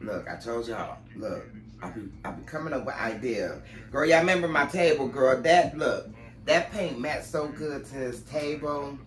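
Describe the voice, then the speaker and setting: A man's voice: medium pitch, expressive, moderate pace, a bit bright, roomy sound. A man chatting casually to camera at home as a lifestyle vlogger, rambling from one story to the next.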